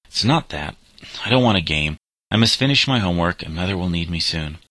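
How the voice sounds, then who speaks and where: A man voicing a hoarse, tearful fourteen-year-old girl in a storybook reading. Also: low voice, expressive, brisk, bright, forceful tone, no room sound, heavily acted. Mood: pleading.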